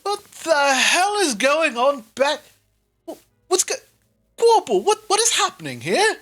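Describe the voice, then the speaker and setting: A woman's voice: sits high, sing-song, unhurried, fairly bright tone, voice pushed up, full character voice. A woman voicing a flustered, pompous male official who stammers in a tabletop game.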